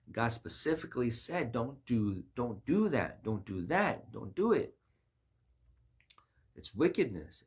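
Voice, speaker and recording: Man preaching, low husky voice, lots of stuttered restarts and big jumps up in pitch. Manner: emphatic, repeats words, voice rises sharply on quoted lines. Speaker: Christian preacher. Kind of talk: informal sermon-style talk.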